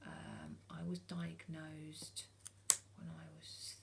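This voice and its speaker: A British woman in her forties speaks frankly to camera in a low, gravelly voice. She hesitates often, filling gaps with ums and restarting her sentences as she talks. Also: big pitch swings, extremely slow, noisy background. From United Kingdom. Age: 40s. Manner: frank and earnest. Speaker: vlogger. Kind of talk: casual talk to camera.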